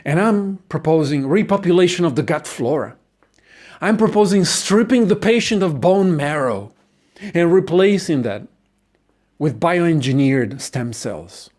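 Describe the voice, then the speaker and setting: A man doing a hushed, measured doctor. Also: fairly high pitch, pitched above the performer's own voice. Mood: grave. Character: calm soft-spoken male doctor.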